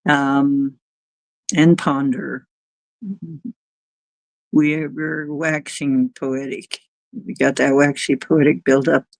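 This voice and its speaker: A low-pitched woman hosts a casual livestream at an unhurried pace. She rambles and chats, sometimes cooing at her cat, and the sound is close and dry. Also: flat delivery, creaky, no echo. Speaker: livestream host.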